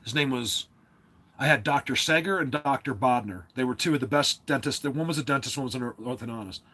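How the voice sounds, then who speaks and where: A man's voice: mid-range voice, fairly quick, pushed and bright. A man from New Jersey hosting a casual livestream, rambling along with lots of fillers and restarts. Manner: rambling, filler-heavy, self-interrupting. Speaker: livestream host.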